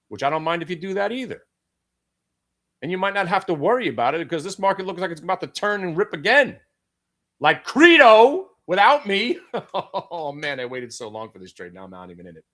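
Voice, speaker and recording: A man's voice: fairly high pitch, fairly bright tone. A middle-aged man with a Brooklyn accent hosting a live day-trading stream, brash, profane and full of joking asides. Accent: Brooklyn New York. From Brooklyn, New York. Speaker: day-trading show host.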